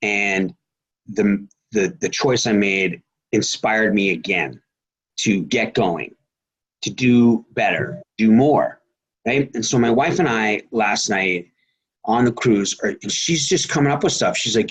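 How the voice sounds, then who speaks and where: Husky-voiced man giving a rambling pep talk. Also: on the low side, measured pace, poor audio. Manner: rambling, repeats words, many fillers. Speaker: team call speaker. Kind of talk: motivational team call talk. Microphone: phone or conference line.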